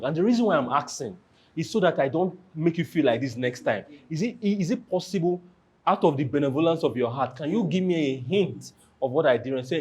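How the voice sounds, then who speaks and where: A man hosting a panel discussion, animated and acting out quoted lines as he talks. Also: on the high side, a little fast, husky.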